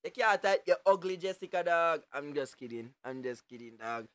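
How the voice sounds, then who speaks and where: A young man, streaming live and reacting to photos with loud, joking patois banter and sudden shouts. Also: on the high side, lively intonation, normal speed, dry recording.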